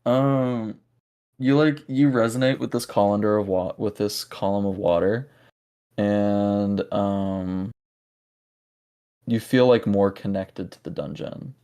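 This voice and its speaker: Man, game master, tabletop narration, very deep voice, unhurried, lots of fillers. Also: steady tone, mellow, smooth. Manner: halting, searching for words with many fillers.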